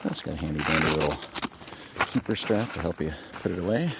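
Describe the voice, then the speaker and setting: This man's voice is extremely low, animated, and a little fast, with heavy background noise around him. Filming on a handheld phone, the outdoor gear reviewer chats in a folksy way and thinks aloud while demonstrating camping gear in a small tent.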